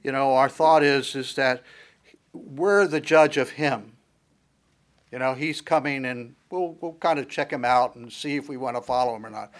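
A middle-aged pastor preaching a sermon, building his points through repeated rhetorical questions and a steady preaching cadence. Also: medium pitch, moderate pace.

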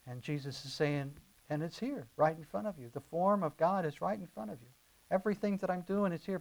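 A man preaching a sermon, impassioned and emphatic, building through repeated phrases and slipping into conversational asides with stumbles and restarts. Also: fairly high pitch.

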